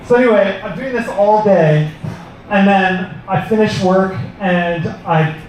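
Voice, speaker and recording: A man's voice: high-pitched, a little slow, slight background noise. A man telling a story in a stand-up set, acting out his own panicked lines. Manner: animated, acts out panicked quotes. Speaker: stand-up comedian. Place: comedy club stage. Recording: echoey club from far off, audience.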